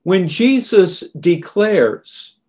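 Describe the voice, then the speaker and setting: A man preaching a sermon in a deliberate, emphatic way. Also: high voice, very animated.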